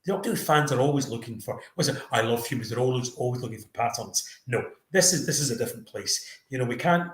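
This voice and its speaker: A man trading wry, teasing banter on a podcast, at a plain middle pitch. His voice carries a roomy echo, as if he were talking in a bare room. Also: lively intonation, fast talker, few pauses, fairly bright tone. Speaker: podcast co-host. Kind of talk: casual chat.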